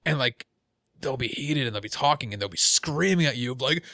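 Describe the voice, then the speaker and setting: A man guesting on a podcast, chatting casually in a mid-pitched voice and laughing easily as he tells stories. The sound is close and dry from a studio mic. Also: moderate pace, sharp tone, no room sound. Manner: laughing easily, storytelling with acted quotes. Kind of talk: casual chat.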